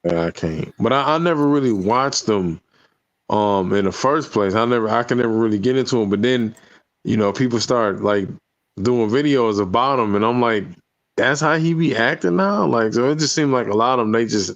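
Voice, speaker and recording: Man, lowish voice, slangy, relaxed, casual chat. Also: a little fast, no room sound, lo-fi sound. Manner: laid-back slangy talk with many fillers.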